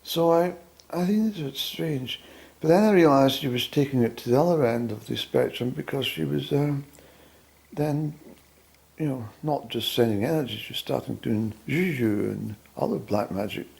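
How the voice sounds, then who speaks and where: Gravelly, mellow-voiced Scottish man musing at home. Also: medium pitch. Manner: wry, musing, halting with many fillers. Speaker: vlogger. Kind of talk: rambling solo monologue.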